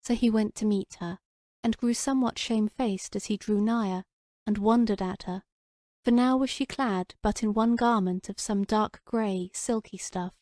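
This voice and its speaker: Mellow-voiced woman narrating an old romance. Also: medium pitch, fairly even intonation, moderate pace, no echo, studio quality. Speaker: audiobook narrator.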